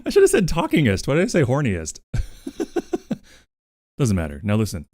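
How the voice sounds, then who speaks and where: A man's voice: mid-range voice, huge pitch swings, moderate pace, a little mellow, no echo, studio quality. A man streaming from home, chatting casually with his viewers, playful and crude, and he often sings along to music. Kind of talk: casual live-stream chat.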